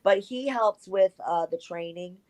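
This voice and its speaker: A woman, a former pro wrestler, telling candid stories in an interview, animated and blunt, with salty language. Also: mid-range voice, a little slow.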